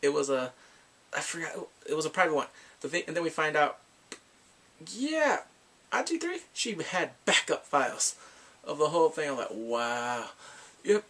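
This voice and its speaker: Guy rambling thru a drama recap, kinda high voice, gravelly, says like a lot. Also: a little fast, fairly bright tone. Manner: rambling, full of "like" and acted-out quotes. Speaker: drama reviewer. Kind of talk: casual episode recap.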